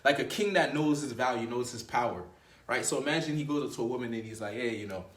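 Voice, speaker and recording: A man's voice: medium pitch, fast talker, a bit bright. Emphatic slangy man in a roomy echo. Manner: emphatic, repetitive, slangy, restarts phrases. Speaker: dating coach. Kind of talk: casual motivational talk to camera.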